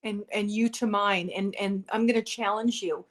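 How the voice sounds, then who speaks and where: A woman hosting a casual interview chat, lively and playful with her guest. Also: mid-range voice, normal speed. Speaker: host.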